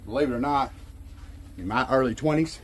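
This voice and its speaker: Brisk and slightly rough, a mid-range male voice with a Southern drawl belongs to a middle-aged Arkansan vlogging a DIY project. His talk is casual, folksy, rambling and self-amused.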